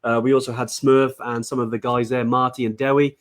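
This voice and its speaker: A man from Wales co-hosting a relaxed live stream, his voice sitting at an ordinary middle pitch. He talks in a loose, chatty way, full of ums and restarts, as he greets viewers and shares tips. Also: a little fast. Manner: chatty, many fillers and restarts. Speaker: podcast co-host. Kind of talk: casual live-stream chat.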